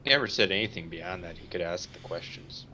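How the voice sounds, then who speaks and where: A man playing in a tabletop game who speaks in a measured, diplomatic way. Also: deep voice, animated, bright, forceful tone, slight background noise. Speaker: player.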